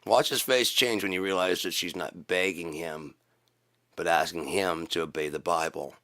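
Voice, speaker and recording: A man hosting his own channel, delivering a profane rant to camera that swings between loud shouting and low muttering. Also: fairly even intonation, normal speed. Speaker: channel host.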